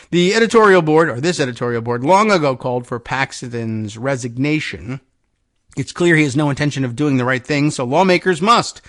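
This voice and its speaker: A man's voice: medium pitch, a little fast, a bit bright, no echo, clean studio sound. A male host reading news aloud and breaking in with wry, sardonic asides.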